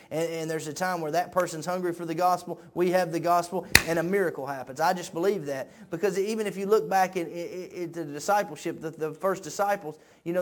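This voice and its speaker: A man preaching a sermon, moving from quiet conversational talk up to shouted peaks, repeating phrases in a preacher's cadence. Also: on the high side. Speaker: pastor.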